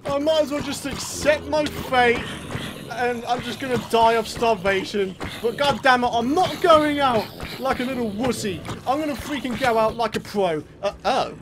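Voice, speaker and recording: A let's play gamer giving excitable, jokey gameplay commentary with loud outbursts. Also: mid-range voice, low-quality recording.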